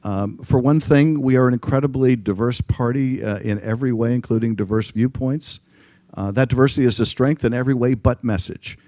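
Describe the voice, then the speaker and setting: Measured middle-aged man, dark mellow voice. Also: medium pitch, no echo. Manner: measured, with many ums and restarts. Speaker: congressman answering audience questions. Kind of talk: public panel talk. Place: conference room.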